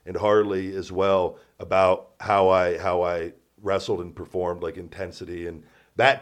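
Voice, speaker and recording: A man's voice: sits low, level tone, unhurried. A man hosting a podcast in casual chat, sarcastic and self-deprecating, rambling with many restarts. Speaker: podcast host.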